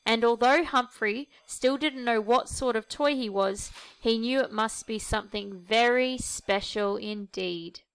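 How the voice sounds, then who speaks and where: Slow, bright-voiced woman reading a storybook. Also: fairly high pitch, clear, resonant tone. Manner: gentle, expressive. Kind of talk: reading a picture book aloud.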